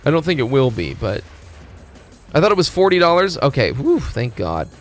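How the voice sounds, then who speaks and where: Casual streamer: man, animated, pitch all over, swears constantly, faint music behind. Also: moderate pace. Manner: profane ranting, animated.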